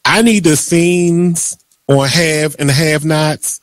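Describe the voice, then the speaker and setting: A man hosting a radio show, chatting casually and ranting in animated bursts. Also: on the high side, takes it slowly, no room sound. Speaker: radio host. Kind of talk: casual talk radio chat.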